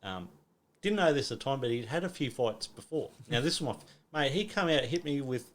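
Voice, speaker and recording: A man's voice: medium pitch, animated, brisk. A middle-aged Australian man telling a story in casual chat, acting out quotes and swearing a lot. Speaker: podcast guest.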